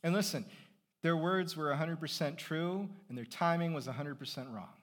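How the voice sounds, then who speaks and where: A middle-aged man preaching a sermon as pastor, conversational, swinging from loud emphasis to quiet reflection. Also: on the high side, normal speed.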